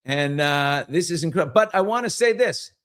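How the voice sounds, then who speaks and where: A man's voice: a little high, fairly quick. A man hosting a podcast, chatting casually and telling jokes with exuberant energy. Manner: animated, exuberant storyteller. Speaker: podcast host. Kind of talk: casual chat and joke telling.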